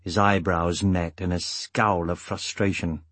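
A man reading an audiobook as narrator, measured and steady, with a husky voice. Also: sits low, no echo. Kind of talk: scripted narration.

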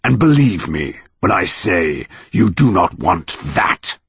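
A man voicing a slow, solemn ancient tree monster. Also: sits low, big pitch swings, creaky, fairly bright tone, breathy edge, no room sound, full character voice. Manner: slow, measured, grave delivery.

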